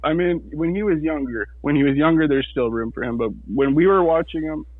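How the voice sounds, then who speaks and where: A man's voice: a little high, fairly quick, dry recording. A man talking as a guest in a casual chat, hesitant and often repeating his words. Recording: tinny phone line.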